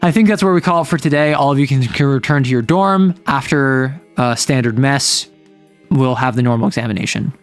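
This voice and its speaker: A man's voice: mid-range voice, fairly quick, faint music behind, close to an everyday voice. A man voicing a stern male handler who talks down to his trainees in a curt, commanding way.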